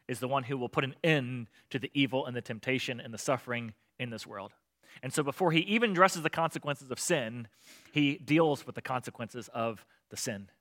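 A man preaching a sermon, lively and talkative, often checking in with the crowd with "right?" and acting out voices of the characters. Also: mid-range voice. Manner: animated, acts out voices of God and children. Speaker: pastor.

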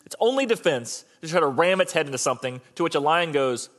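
A male pastor with a slightly high-pitched voice preaches in a loose, conversational way. He jokes with the congregation and keeps breaking off to restart his sentences. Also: animated, fast, background noise. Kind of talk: sermon.

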